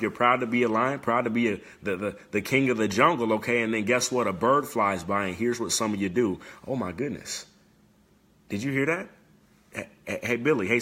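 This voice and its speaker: A man's voice: on the low side, a bit bright. A man giving a motivational talk on a live stream, repetitive and preachy, talking straight to viewers and tagging lines with "okay?". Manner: preachy, addresses viewers directly. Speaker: motivational speaker.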